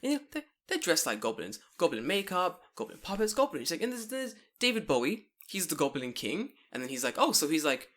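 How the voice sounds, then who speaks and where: A man's voice: high-pitched, sing-song, brisk, few pauses, fairly bright tone. A man hosting a podcast, chatting casually, swearing and laughing while tipsy. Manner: swearing, laughing, rambling after drinking. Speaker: podcast host. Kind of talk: casual chat. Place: Japan.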